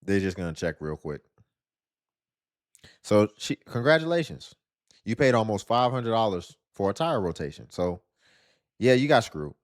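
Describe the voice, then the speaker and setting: A man with a somewhat low voice gives blunt, mocking reaction commentary. His voice sounds dry and close, with no room around it. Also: animated, moderate pace, long pauses, no echo.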